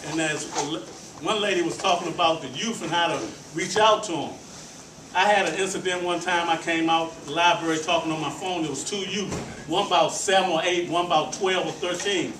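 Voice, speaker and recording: A man's voice: high-pitched, background noise. A man leading a chess program, giving an earnest, preacherly speech at a community meeting in a hall. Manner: earnest, preacherly, rising to fervor. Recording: echoey hall, distant mic, crowd.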